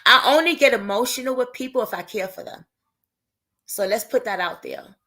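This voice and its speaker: A woman's voice: a little high, expressive, moderate pace, sharp tone. A woman hosting a livestream, crying and emotional as she talks openly to her viewers in casual chat. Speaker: livestream host.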